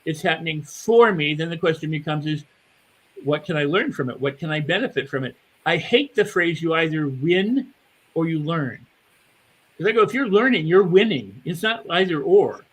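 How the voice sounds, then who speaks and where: An older man speaking as a mindset coach on a panel, animated and acting out the inner voices of his listeners. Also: on the high side, moderate pace, breathy edge, low-quality recording. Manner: animated, acts out inner voices, repeats words. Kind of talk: motivational panel talk.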